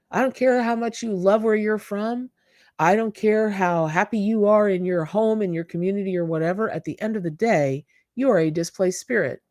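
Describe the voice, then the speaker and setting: A woman's voice: mid-range voice, darkish tone, dry recording, studio quality. A woman hosting her channel, giving an emphatic, casual spiritual talk to her viewers and repeating words for stress. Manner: emphatic and repetitive, talks straight to viewers. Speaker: tarot reader and channel host.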